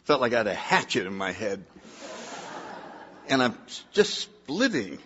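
A man's voice: medium pitch, big pitch swings, measured pace, pushed and bright, muffled recording, slight background noise. An older man giving personal testimony at a recovery meeting, telling his story with wry, self-mocking humor.

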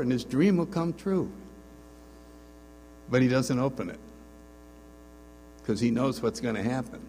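A man speaking to a retreat group, telling stories and acting out their dialogue with lively shifts of voice. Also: medium pitch. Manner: animated, acts out dialogue in the stories. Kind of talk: storytelling talk to a group. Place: meeting room with an audience. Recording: long reverb, faint mains hum.

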